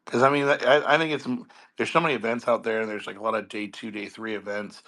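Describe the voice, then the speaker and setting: A man in a casual chat who talks haltingly, restarting and repeating words often. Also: on the low side, steady tone, fairly bright tone.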